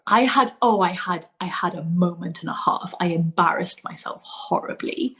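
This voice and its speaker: A woman's voice: on the low side, moderate pace, fairly bright tone, rough recording. Gushing woman hosting a chat. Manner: gushing, rambling, with many restarts. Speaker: host. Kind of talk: casual live-stream chat.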